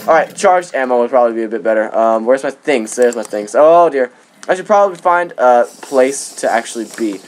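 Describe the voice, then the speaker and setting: A man hosting his gaming channel, rambling through casual gameplay commentary with jokey boasts and excited outbursts. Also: mid-range voice. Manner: rambling with frequent restarts.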